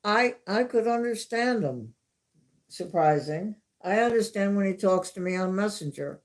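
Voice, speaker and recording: A woman's voice: mid-range voice, lively intonation, unhurried. A woman hosting a livestream from home, telling stories in a chatty, casual way and repeating herself for emphasis. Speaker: livestream host. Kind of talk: casual storytelling.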